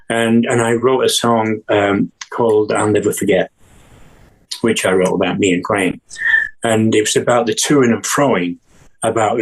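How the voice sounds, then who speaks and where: An older man from England tells a long story in a rambling, chatty way, stopping and restarting and acting out what people said. His voice sits a little low and has a husky edge. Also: steady tone, normal speed, low-quality recording. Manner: rambling, with many restarts and acted-out quotes. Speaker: guest musician. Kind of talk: casual storytelling interview.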